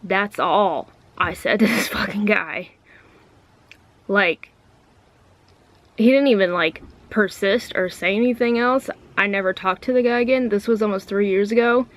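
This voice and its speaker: A woman's voice: medium pitch, unhurried. A woman vlogger talking to camera in a casual, ranty way, blunt and full of swearing. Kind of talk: casual ranting vlog.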